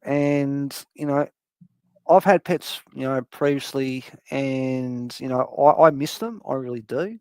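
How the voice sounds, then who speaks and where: A man telling a long, animated story in casual chat, swearing freely and acting out his cat's voice. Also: mid-range voice, a little slow, smooth, no room sound.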